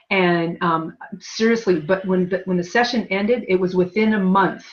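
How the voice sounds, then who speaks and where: Low-voiced woman, dull lo-fi sound. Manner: rambling, many fillers and restarts. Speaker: guest, energy healer. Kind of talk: casual interview talk.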